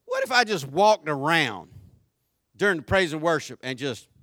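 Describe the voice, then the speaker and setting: A man in his fifties with a Southern US accent from Florida, preaching a folksy sermon that swings between quiet asides and loud shouts. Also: a little high, sing-song, normal speed, dry recording, clean studio sound. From Jacksonville, Florida. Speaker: pastor.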